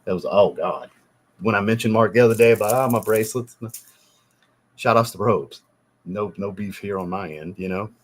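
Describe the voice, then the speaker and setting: A man hosts a casual livestream, reading viewer messages aloud and answering them off the cuff. His voice is low and husky, and his delivery is teasing, blunt and peppered with casual swearing. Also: steady tone, brisk.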